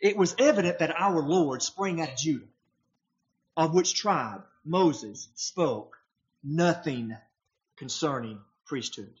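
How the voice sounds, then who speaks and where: A male preacher delivering a sermon in an emphatic manner, often turning his points into rhetorical questions. His voice sits a little high for a man. The recording is dull and lo-fi. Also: lively intonation, slow pace.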